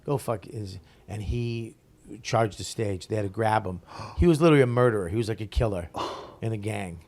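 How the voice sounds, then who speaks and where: A comedian in his forties telling a story in casual conversation, profane and animated, laughing as he goes. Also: on the low side, a little fast. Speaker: guest comedian.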